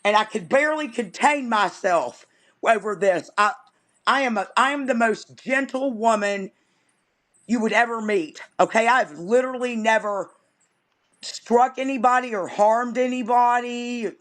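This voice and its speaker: A woman's voice: on the high side, measured pace. A woman guest on a live stream, ranting in an angry, exasperated, vehement way. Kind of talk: impassioned ranting.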